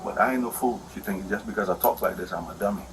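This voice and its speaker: A man's voice: fairly low pitch, rapid-fire, background noise. A man rambling in an aggrieved, repetitive way as he complains to an officer about a domestic dispute. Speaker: husband explaining a domestic dispute. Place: indoors at a house.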